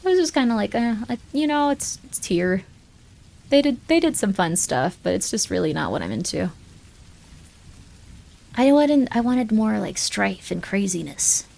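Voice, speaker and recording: A woman's voice: mid-range voice, big pitch swings, normal speed, gravelly, a little mellow. A woman streamer chatting casually in a rambling, joking way, often cutting herself off mid-thought. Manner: rambling, joking, self-interrupting. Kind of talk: casual live-stream chat.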